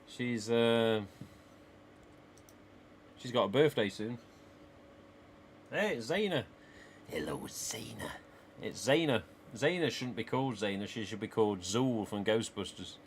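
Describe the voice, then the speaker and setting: A man's voice: fairly low pitch, a little slow, a little hiss or hum. A man with an English East Midlands accent, live streaming from a small home office and chatting casually with viewers in a rambling way, laughing often.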